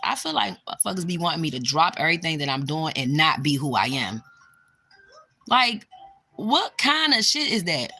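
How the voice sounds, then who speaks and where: A young woman talking straight to her live viewers in a blunt, profane, unfiltered way. Her voice is bright and sharp, and it jumps up and down a lot in pitch. Faint music plays behind her. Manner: blunt and profane, bursts into loud exclamations; reacts to live chat comments. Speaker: spiritual vlogger. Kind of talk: casual livestream chat.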